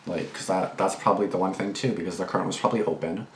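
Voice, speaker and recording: A man's voice: low-pitched, quick pace. A young man casually rambling through reaction commentary and a personal story, full of fillers, restarts and swearing. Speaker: reaction channel host. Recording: echoey room with faint background noise.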